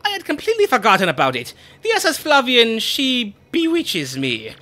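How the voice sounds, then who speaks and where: Brief: man doing a vain, grandiose rich captain, lively swooping higher voice, bright tone, faint game music behind. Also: normal speed, full character voice. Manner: grandiose, theatrical, self-admiring. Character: pompous boastful rich male sailor-merchant. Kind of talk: reading game dialogue aloud.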